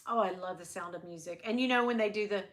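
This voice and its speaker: A woman's voice: medium pitch, fast, fairly bright tone. A middle-aged woman hosting a casual livestream, chatting and rambling with her viewers and laughing often. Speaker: livestream host. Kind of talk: casual chat with live viewers.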